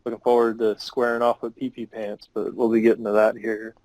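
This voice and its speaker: A man talking casually on a podcast as a league member, relaxed and hedging. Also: medium pitch, fairly quick, no room sound, low-quality recording. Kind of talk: casual chat.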